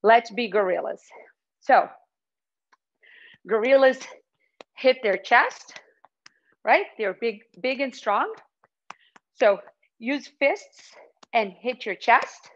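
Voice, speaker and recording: A woman's voice: on the high side, animated, takes it slowly, long pauses, highs cut off. A young woman teaching a children's yoga class in a playful, sing-song way, calling out poses and animal sounds.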